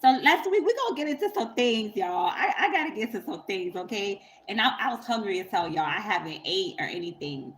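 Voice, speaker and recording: A woman's voice: medium pitch, very animated, a little fast, hardly any pauses, fairly bright tone, slight background noise, low-quality recording. A woman tarot reader telling a story in a rambling, profane, casual way on a livestream, often breaking into laughter.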